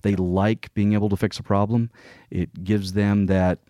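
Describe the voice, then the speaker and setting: A man's voice: fairly low pitch, level tone, normal speed, dark tone, no echo, studio quality. A man explaining workplace roles in an earnest, conversational way, now and then acting out what a colleague might say. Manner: earnest, explanatory, acts out quoted colleagues in passing.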